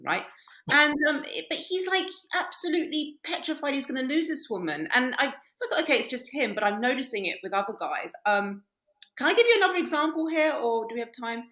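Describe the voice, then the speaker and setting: Animated blunt woman, roomy sound. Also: on the high side. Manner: blunt, animated storyteller who swears and laughs. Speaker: podcast guest, dating coach. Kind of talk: casual podcast conversation.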